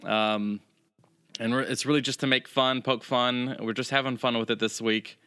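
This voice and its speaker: A man with a bright and clear voice, co-hosting a casual podcast. He jokes around and rambles, leaning on plenty of ums. His voice sounds dry and close, with no room sound around it. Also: medium pitch, steady tone, normal speed, dry recording. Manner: jokey, rambling with many ums. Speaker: podcast co-host.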